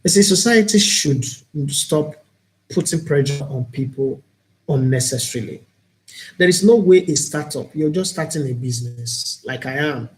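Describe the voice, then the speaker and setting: A man with a Nigerian accent, on the high side and animated, speaks at normal speed while hosting a live-streamed talk show. As host and broadcaster, he is earnest, opinionated and reflective.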